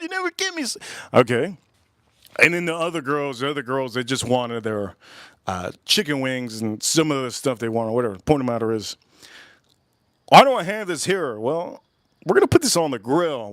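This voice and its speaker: A man's voice: fairly high pitch, no room sound, studio quality. A man hosting a livestream, casually telling a rambling, laughing story, repeating himself and swearing now and then. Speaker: livestream host.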